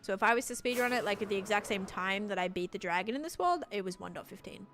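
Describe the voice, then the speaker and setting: A woman's voice: mid-range voice, fast, a bit bright, faint music behind. An Australian woman chatting on a live game stream, thinking aloud as she builds and answers her chat.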